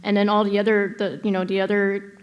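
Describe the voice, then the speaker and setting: A woman's voice: mid-range voice, little pitch movement, fast talker, highs cut off. A woman in the audience asking a long, hesitant academic question from the floor, full of fillers and restarts.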